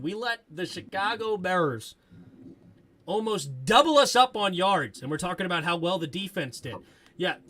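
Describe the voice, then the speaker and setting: Man, sports talk host, high voice, sharp bright tone, excitable, sarcastic. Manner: excitable, sarcastic, rattles off stats. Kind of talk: post-game sports talk.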